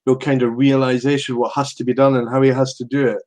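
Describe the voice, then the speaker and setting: A man's voice: medium pitch, flat delivery, fast talker, a little mellow. Scottish man in casual film chat. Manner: rambling, swears freely, laughs often. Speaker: podcast guest.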